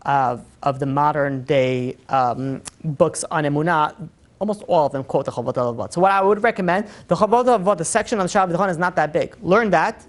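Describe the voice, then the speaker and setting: Man, rabbi type, rapid lecturing, animated and chatty. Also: a little high. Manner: animated, chatty, full of "you know". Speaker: rabbi teaching a class. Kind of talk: lively lecture to a live group.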